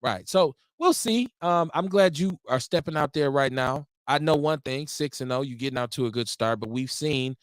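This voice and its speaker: Measured man in a dry room. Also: medium pitch, no echo. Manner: measured, halting, with fillers and restarts. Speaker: host. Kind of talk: casual sports talk.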